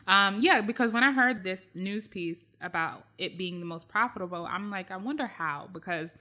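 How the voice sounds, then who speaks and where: A woman's voice: medium pitch, normal speed. A woman co-hosting a podcast, chatting casually and emphatically about pop-culture news. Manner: animated, emphatic, repeats phrases for emphasis. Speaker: podcast co-host.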